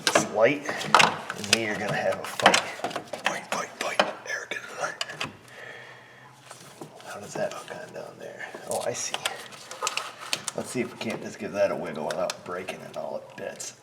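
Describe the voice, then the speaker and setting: A man's voice: low voice, fairly even intonation, normal speed, very noisy. A man working as a mechanic, rambling and joking to himself as he talks through a repair in his shop, sometimes dropping to a whisper up close. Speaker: auto mechanic. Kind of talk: casual work narration. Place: auto repair shop bay.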